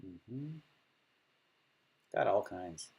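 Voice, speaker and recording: A man's voice: lowish voice, expressive, very slow, gravelly, a little mellow, husky. A middle-aged man casually chatting while streaming poker, laughing often and acting out other players' table talk. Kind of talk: casual chat.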